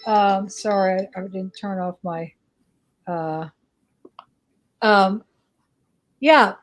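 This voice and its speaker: A woman's voice: mid-range voice, fairly even intonation, extremely slow. A woman chatting casually as a guest, rambling and hesitant, with many fillers. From northeastern United States. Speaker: psychic guest. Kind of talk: casual chat.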